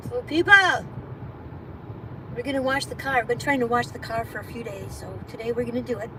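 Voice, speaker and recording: A woman's voice: on the high side, brisk. Chatty woman vlogging from a noisy car. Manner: chatty, rambling, talks to viewers while driving. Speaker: gig driver vlogger. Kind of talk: casual chat to live viewers. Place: in a car on the road. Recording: distant phone mic with loud road noise.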